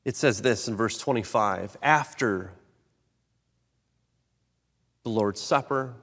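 A man preaching a sermon, animated, swinging between loud emphatic lines and soft low ones. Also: normal speed. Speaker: pastor. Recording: long reverb of a large hall.

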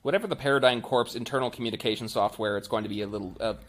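A man's voice: medium pitch, racing, slight background noise. A man acting as game master, narrating with rambling, word-searching descriptions and playful sound effects.

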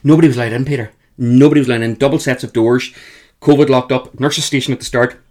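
A man with a Northern Irish accent, a guest telling emphatic, animated stories in an interview. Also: medium pitch, fast. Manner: animated, emphatic, repeats the host's name. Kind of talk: storytelling in an interview.

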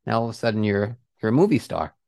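A man's voice: on the low side, expressive, quick pace, gravelly, a little mellow, no room sound, clean studio sound. A man hosting a podcast interview, asking rambling questions with restarts and heartfelt praise. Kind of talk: casual interview.

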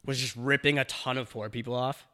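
A man's voice: medium pitch, steady tone, a little fast, bright, forceful tone. A man co-hosting a podcast, rambling crudely in casual chat. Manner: rambling, crude, lots of fillers and restarts. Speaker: podcast co-host.

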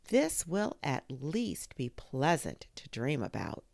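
A woman's voice: low-pitched, huge pitch swings, takes it slowly, gravelly, a little mellow, dry recording, clean studio sound, full character voice. A woman voicing a sad, motherly maple tree who sighs tenderly over her leaves. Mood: wistful. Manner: sighing, tender.

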